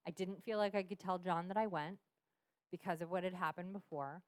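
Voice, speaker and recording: A woman in her thirties appears as a podcast guest, speaking fairly quickly in a fairly low, steady voice on a dry recording. She tells a personal story frankly, swearing often and laughing a lot.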